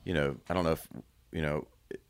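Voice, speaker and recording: A man in his thirties talking candidly as a guest, reflective and halting, with frequent restarts. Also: rumbling low, steady tone, clean tone. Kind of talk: candid personal conversation.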